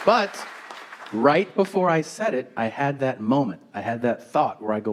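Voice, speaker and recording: A man's voice: mid-range voice, very animated, unhurried, crowd noise, background noise. A man doing stand-up on a stage, telling stories in a sarcastic, profane, conversational way. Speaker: stand-up comedian. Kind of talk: stand-up storytelling. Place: comedy stage before a live audience.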